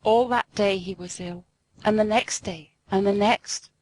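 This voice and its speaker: A woman narrating a classic storybook aloud in an expressive, sing-song way. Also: medium pitch, measured pace, no echo, rough recording.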